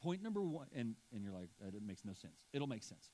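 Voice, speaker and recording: A man preaching a sermon as pastor, stressing key words and slowing down for emphasis. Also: on the low side, big pitch swings, dark tone.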